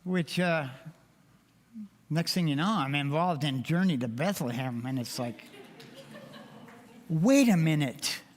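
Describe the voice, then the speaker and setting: A man's voice: fairly high pitch, a little slow. Earnest older man in a reverberant church. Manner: earnest, heartfelt, emotional. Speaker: church member giving a testimony. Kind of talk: personal testimony to a congregation. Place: church sanctuary. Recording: long reverb of a church hall.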